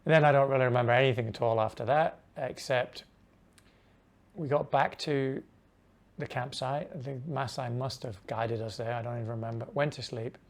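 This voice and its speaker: A man's voice: medium pitch, normal speed. Man telling a travel story. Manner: animated anecdotal telling, acts out dialogue in hushed asides. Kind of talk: casual storytelling.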